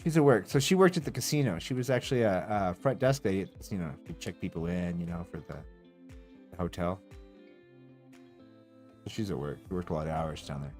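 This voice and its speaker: A man's voice: low-pitched, fairly quick, pauses often, soft background music. A man streaming a game, telling a rambling story casually, swearing often and laughing as he goes. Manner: profane, rambling, animated retelling with laughs.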